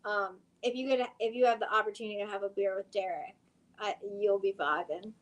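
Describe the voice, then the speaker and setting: A woman's voice: mid-range voice, fairly even intonation, brisk, rough recording. A woman chatting as a guest on a live podcast, friendly and laughing easily. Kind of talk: casual live-stream chat.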